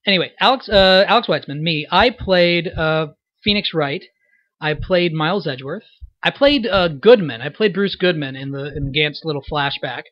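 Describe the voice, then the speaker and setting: A young man talks through a commentary in a loose, rambling way, stopping and restarting his sentences. His voice sits a little high. The recording is dull and dry, with no room sound. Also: moderate pace, dry recording. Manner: rambling, many fillers and restarts. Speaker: director giving a fan dub commentary. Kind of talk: unscripted spoken commentary.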